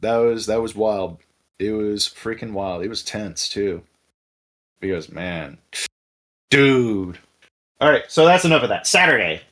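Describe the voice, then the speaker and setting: A man telling a story in casual podcast chat, animated and profane, acting out the people he quotes. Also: fairly low pitch, measured pace, long pauses. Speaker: podcast host.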